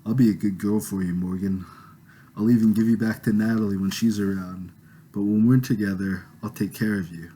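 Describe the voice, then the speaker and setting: A man's voice: fairly low pitch, steady tone, fairly quick, warm tone, a little hiss or hum, natural voice. A man reading a pushy, rich young woman's coaxing lines in his own plain voice, without doing a voice. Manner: coaxing, insistent.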